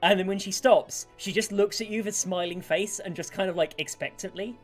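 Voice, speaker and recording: A woman narrating as game master in a tabletop game, lively and animated, with many fillers. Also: mid-range voice, fairly quick, faint music behind.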